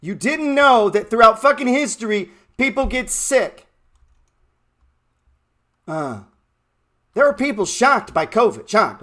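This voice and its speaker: A man's voice: very high-pitched, big pitch swings, slow pace, pauses often, pushed and bright. A man in his thirties hosting a trading show, giving a blunt, mocking, profane motivational rant. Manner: blunt, brash and mocking, heavy swearing.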